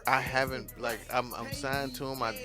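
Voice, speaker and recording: A man's voice: medium pitch, little pitch movement, normal speed, music in the background. A man from Virginia co-hosting a radio show, rambling casually with lots of fillers. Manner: loose, rambling, full of fillers. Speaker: radio show co-host and rapper. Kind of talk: casual chat.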